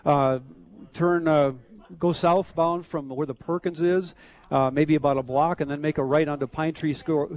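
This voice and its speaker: A man's voice: a little high, steady tone, moderate pace, darkish tone. A man speaking as a shop guest on a live radio broadcast, plain and full of fillers. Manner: plain, filler-heavy directions. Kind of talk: on-air guest chat.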